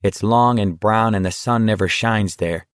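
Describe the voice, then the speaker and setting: A man voicing a crude, sneering teenage boy with a flat Midwestern accent, cursing at a crowd. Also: lowish voice, moderate pace, clear, resonant tone, no echo, clean studio sound, lightly acted. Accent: flat Midwestern American.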